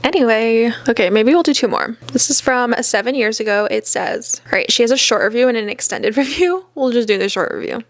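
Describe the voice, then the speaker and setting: A woman's voice: fairly high pitch, fairly quick, few pauses, dry recording. A young adult woman chatting wryly at home as a book vlogger, reacting to bad reviews with lots of casual fillers.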